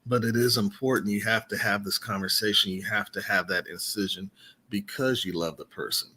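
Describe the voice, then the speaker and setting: A man co-hosting a marriage coaching chat, with a fairly low voice and a bright, forceful edge. His delivery is measured and earnest. He often adds short affirmations while his partner talks. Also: fairly even intonation, husky. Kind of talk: casual live chat.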